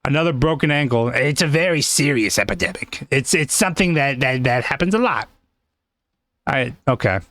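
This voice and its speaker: A man's voice: mid-range voice, expressive, normal speed, fairly bright tone, no room sound. A young man hosting a comedic talk show, rambling and cutting in with lots of fillers. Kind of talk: casual comedic chat.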